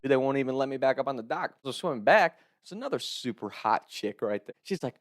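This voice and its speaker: A young man in his twenties casually telling a funny story to camera, animated, laughing and swearing often. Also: medium pitch, quick pace, hardly any pauses. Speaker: content creator telling a story.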